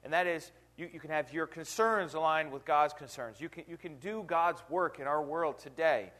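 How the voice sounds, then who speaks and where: A man giving a casual Bible lesson, his voice sitting a little on the higher side. He talks conversationally, keeps checking in with his listeners through rhetorical questions, and leans into the scripture passages he reads aloud. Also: normal speed, a bit bright. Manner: conversational, asks rhetorical questions, frequent "right?". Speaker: preacher. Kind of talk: informal Bible teaching.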